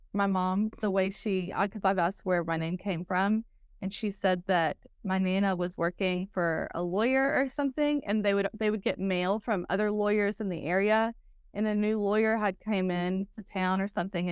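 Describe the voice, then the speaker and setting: A woman with a soft Texan accent chats about her work in a friendly, rambling way. Her voice is smooth and clean, recorded close and dry. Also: medium pitch, no room sound. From Texas, US. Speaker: guest, recovery coach trainer. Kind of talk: casual podcast interview.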